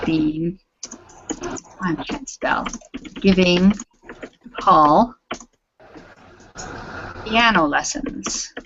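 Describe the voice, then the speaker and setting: A woman's voice: fairly low pitch, lo-fi sound, noisy background. A woman teaching an English grammar class online, correcting students patiently and encouragingly.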